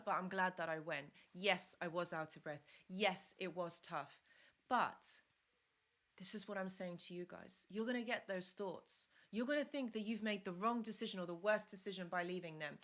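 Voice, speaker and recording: A woman's voice: fairly low pitch, normal speed, sharp tone. A young woman hosting a live stream, giving earnest, repetitive advice and stopping to thank viewers. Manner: earnest, repetitive, reads comments aloud. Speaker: live stream host, relationship advisor.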